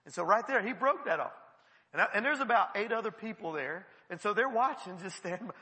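A man's voice: high-pitched, fairly quick. A man preaching a sermon in a church, telling stories and acting out the voices he quotes. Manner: animated storytelling, acts out quoted voices. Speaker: pastor. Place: large church hall. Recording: long hall reverb.

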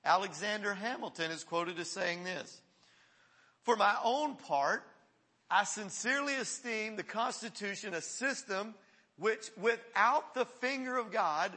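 A man preaching a sermon as pastor, reading historical quotations slowly and often restarting his sentences. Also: high voice, pushed and bright, breathy edge.

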